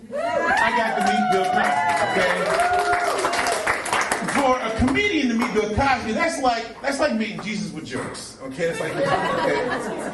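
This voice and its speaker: High lively male stand-up comic. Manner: animated storytelling, slips into celebrity voices. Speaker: stand-up comedian. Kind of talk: stand-up routine. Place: comedy club stage. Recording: roomy club sound from a distant mic, crowd laughter and noise.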